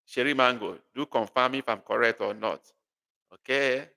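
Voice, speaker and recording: A man's voice: medium pitch, normal speed, vocal fry, sharp tone, long reverb tail. A man with a Nigerian accent teaching a live online language class, calling on students by name and teasing them as he repeats phrases. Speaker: language tutor.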